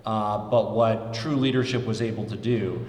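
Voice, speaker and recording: A man with a fairly low voice gives press conference remarks as a governor, plain-spoken and dotted with fillers. His voice rings through a large room with a long reverb trailing after each phrase. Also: steady tone, normal speed, a little mellow. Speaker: state governor. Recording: roomy, long reverb from the hall.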